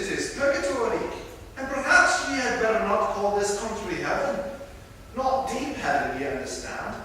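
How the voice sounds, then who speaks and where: A man's voice: high-pitched, a bit bright, slight background noise, pitched above the performer's own voice. A man reading aloud as a kindly old male spirit guide, in a put-on Scottish accent, heard from far off in an echoey hall. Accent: Scottish (put on, weak).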